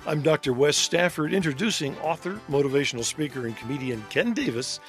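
Lively male radio show host. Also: a little high, brisk, faint music behind. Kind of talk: scripted radio introduction.

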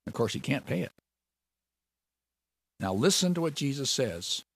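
A male preacher delivering a sermon with a lively, swooping delivery. His pitch sits in a middle range and leaps sharply upward for emphasis. The sound is dry and close to the mic. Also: measured pace, gravelly, breathy edge, no room sound. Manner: animated, jumps higher and louder for emphasis.

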